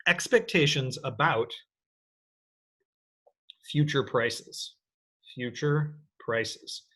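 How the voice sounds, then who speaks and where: A man teaching an economics lecture in an energetic, playful way, often checking in with his students. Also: mid-range voice, very slow. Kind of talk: recorded lecture.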